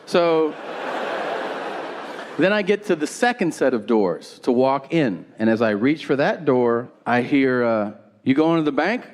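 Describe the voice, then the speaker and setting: A man's voice: medium pitch, a little slow. A man telling a stand-up comedy story on stage, acting out the people in it and sounding incredulous and exasperated. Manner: animated storytelling, mimics people in quoted lines. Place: comedy stage with live audience. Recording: live stage recording with audience noise.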